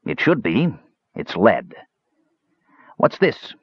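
A man voicing a frail male mage who speaks softly, quietly and with cool disdain. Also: lowish voice, sing-song, slow pace, slightly rough, dry recording, muffled recording, full character voice. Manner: soft, quiet, cool and dismissive. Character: soft-spoken frail male mage, cold and cutting. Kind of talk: audiobook character voice.

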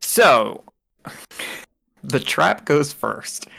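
A man's voice: fairly high pitch, very animated, extremely slow, vocal fry, bright, forceful tone, breathy edge. A man narrating as game master in a casual, rambling way, laughing often.

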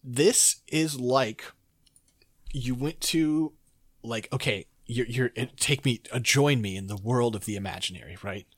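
A man's voice: mid-range voice, measured pace, husky. A man co-hosting a podcast, telling rambling stories in a casual chat with lots of fillers. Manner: rambling, animated storytelling with many fillers. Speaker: podcast co-host.

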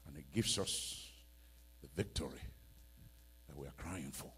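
A man preaching a sermon, swinging from hushed storytelling to loud emphatic cries and repeating lines for effect. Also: rumbling low, measured pace, long pauses, husky.

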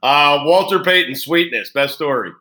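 A man hosting a casual sports interview, enthusiastic and quick to laugh. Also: fairly high pitch, animated, pushed and bright. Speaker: host.

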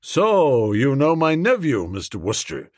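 A man voicing an older, stern but warm uncle who talks in a measured, lecturing way. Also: mid-range voice, huge pitch swings, dry recording, studio quality. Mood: genial.

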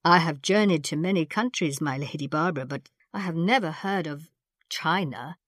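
A woman's voice: sits low, normal speed, no echo, clean studio sound. A woman voicing a courteous Venetian explorer. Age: 30s. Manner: polite, formal.

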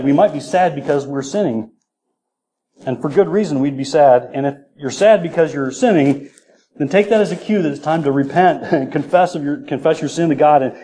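A man's voice: fairly high pitch, dark tone. A man preaching a sermon as pastor, earnest and repeating his key points. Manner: earnest, repeats key phrases, quick laughs.

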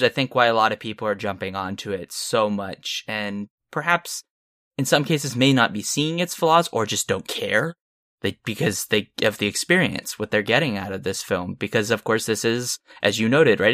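A man's voice: medium pitch, fairly bright tone, dry recording, clean studio sound. A man co-hosting a film podcast, giving frank opinions in a rambling, casual way. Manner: rambling, frank, with short laughs. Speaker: podcast co-host.

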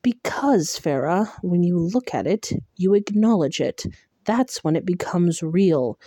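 A woman's voice: lowish voice, lively intonation, measured pace, mellow, no room sound. A woman reading the lines of a wry, blunt male faerie companion in an audiobook. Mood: grim. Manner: coarse, dry.

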